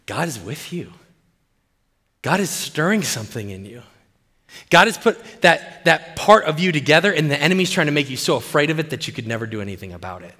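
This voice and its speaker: A male pastor preaching in an animated, playful way, often putting questions to the congregation. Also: a little high, a little fast, long reverb tail. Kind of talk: sermon.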